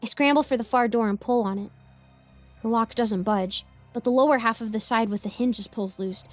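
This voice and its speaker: A woman narrates a first-person horror story in a playful, girlish way, breaking into yelps and giggles. Her voice sits on the high side and moves quickly between nervous chatter and hushed asides. Soft music plays faintly underneath.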